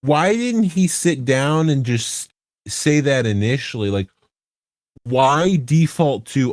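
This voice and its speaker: A man's voice: mid-range voice, animated, unhurried, a little mellow, dry recording. Male podcast host, mid-range voice, rambling and self-correcting, dry studio sound. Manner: rambling, self-correcting, builds points with rhetorical questions. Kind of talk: casual podcast chat about online game politics.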